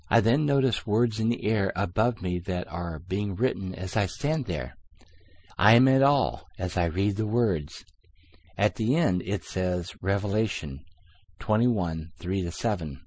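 A man narrating a dream account in a deliberate, solemn reading. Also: low-pitched, a little mellow. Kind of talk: scripted narration.

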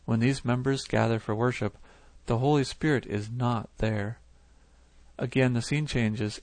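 Guy reading out a vision account, steady and measured, dry close sound. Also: mid-range voice, no echo. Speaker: narrator of a religious vision. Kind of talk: scripted narration.

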